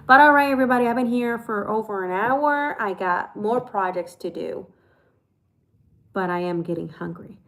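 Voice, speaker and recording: A woman's voice: mid-range voice, normal speed, fairly bright tone, rough recording. A woman, chatting casually and cheerfully with viewers on a live stream. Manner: chatty and upbeat, talks straight to viewers. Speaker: crafts livestreamer. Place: home, walking outdoors to a chicken coop.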